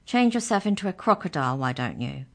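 A woman's voice: sits low, very animated, fast talker, creaky, heavily acted. A woman voicing a bossy, scornful young girl who bargains and schemes. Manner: pushy, scornful.

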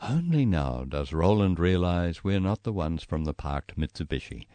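Brief: male memoir narrator, New Zealand accent, low and very expressive, dry close sound. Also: normal speed, dry recording. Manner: lively storytelling, voicing quoted people with raised pitch. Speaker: memoir reader. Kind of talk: dramatised memoir reading.

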